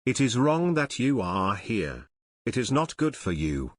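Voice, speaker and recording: A man reading the lines of a gentle small boy prince from another star, in a calm, plainly worded way. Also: mid-range voice, unhurried, no echo. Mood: quiet.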